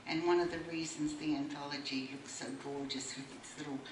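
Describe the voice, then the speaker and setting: A woman's voice: low voice, fairly even intonation, brisk, far from the mic. A woman giving a wry speech at a book launch and reading a poem aloud. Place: bookshop room. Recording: echoey room recorded from afar, faint noise.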